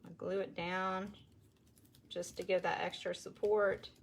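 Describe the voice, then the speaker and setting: A woman's voice: medium pitch, little pitch movement, measured pace, vocal fry, breathy edge. A woman hosting a casual live craft stream, chatting to viewers and laughing often. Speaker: craft livestream host.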